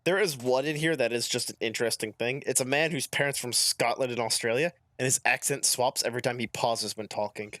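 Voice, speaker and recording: A man's voice: mid-range voice, fairly quick, hardly any pauses, pushed and bright, no room sound. A man co-hosting a casual podcast with friends, joking dryly and reading off lists. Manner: dry joking, reads insults off a list. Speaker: podcast co-host. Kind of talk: casual chat among friends.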